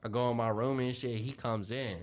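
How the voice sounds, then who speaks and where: A man's voice: mid-range voice, steady tone, brisk. A young man co-hosting a casual podcast, telling a story in heavy slang and acting out the voices. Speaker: podcast co-host.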